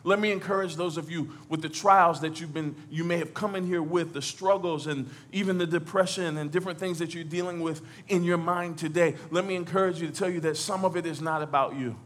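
A man preaching as pastor, talking to the congregation conversationally, acting out quotes and building to loud exhortation. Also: on the high side, steady tone, brisk, hardly any pauses. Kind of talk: sermon.

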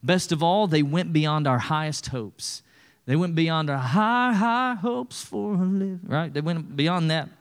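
A middle-aged male pastor preaching a conversational sermon, with lively acted-out asides. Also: a little high, a little slow, clear, resonant tone.

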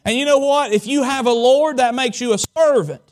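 A man's voice: very high-pitched, a little mellow. A male pastor from Southwest Virginia, preaching a sermon and stretching out key words for emphasis. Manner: dramatic preaching, slows and stretches key words, tells folksy stories.

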